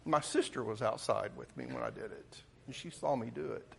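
A man's voice: medium pitch, wildly swooping pitch, fairly quick, creaky, fairly bright tone, slight background noise. A man, preaching and telling a childhood story in a folksy way, often correcting himself mid-sentence. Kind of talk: sermon storytelling.

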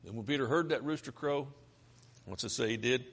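A man's voice: medium pitch, a little fast, a bit bright. A man preaching a sermon, earnest and pleading, asking his listeners rhetorical questions.

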